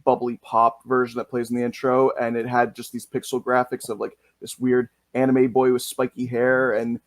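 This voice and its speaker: A man's voice: mid-range voice, little pitch movement, moderate pace, no room sound. A man hosting a podcast interview, telling stories with enthusiasm and animation. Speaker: podcast host. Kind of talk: casual interview talk.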